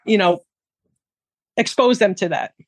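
A woman's voice: medium pitch, unhurried, dry recording. A woman guest talking casually about teaching firearms classes, chatty, with frequent fillers. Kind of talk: casual interview.

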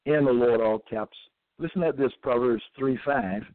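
A man reading scripture verses aloud and commenting on them in a deliberate, repetitive, halting way. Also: medium pitch, steady tone, dry recording. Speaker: self-styled religious teacher. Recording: tinny phone-like dry recording.

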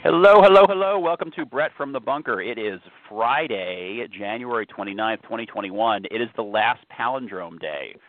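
A man's voice: fairly low pitch, animated, moderate pace, few pauses, no echo, soft background music. A man hosting a casual talk show, chatting loosely and often breaking off mid-sentence. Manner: rambling, self-interrupting. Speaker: host. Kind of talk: casual podcast chat. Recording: tinny phone-line sound.

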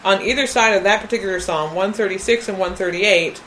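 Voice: mid-range voice, a little fast, a bit bright, a little hiss or hum, poor audio. A co-host in a conversational theology podcast, thoughtful and often murmuring agreement. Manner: thoughtful, lots of backchannel agreement.

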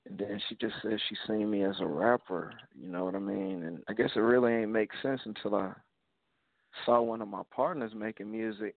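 A man from Alabama with an Alabama twang, a rapper guest talking casually in laid-back slang and giving shout-outs. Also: on the low side, brisk, creaky, no room sound. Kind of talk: casual interview over a call. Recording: tinny phone-like call audio, dry.

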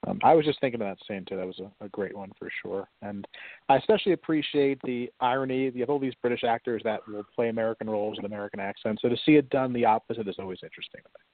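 A man's voice: mid-range voice, very fast, dry recording. A man hosting an interview, asking questions and reacting briefly. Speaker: interview host. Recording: dry tinny phone-like line.

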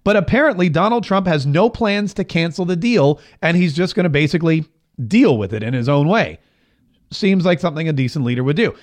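Chatty talk-show man, slightly high. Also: animated, brisk. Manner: chatty and opinionated, with frequent restarts and laughs. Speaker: political commentary host. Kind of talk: casual talk-show commentary.

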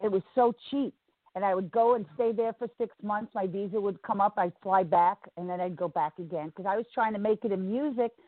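A woman's voice: mid-range voice, brisk, no echo. A woman with a New York accent, a singer talking as an interview guest, chatty and rambling. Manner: chatty, rambling, laughs easily. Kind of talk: casual interview. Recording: tinny phone-like line, dry.

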